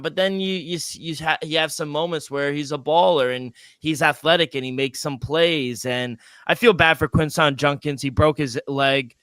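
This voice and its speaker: Guy co-hosting a sports betting show, sharp bright voice, dry close sound, gets all fired up. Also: a little high, moderate pace, hardly any pauses, clear, resonant tone, no echo. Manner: excitable, swearing, loose restarts. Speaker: podcast co-host. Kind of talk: casual sports betting chat.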